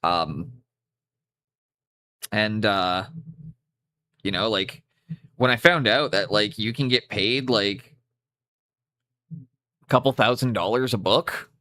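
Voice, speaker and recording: A man's voice: lowish voice, slow, pauses often, pushed and bright, no room sound. A young man with a Canadian accent chatting casually on a live stream, rambling and cutting himself off, on a cheap USB mic. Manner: rambling, self-interrupting, casual swearing. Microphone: cheap USB microphone.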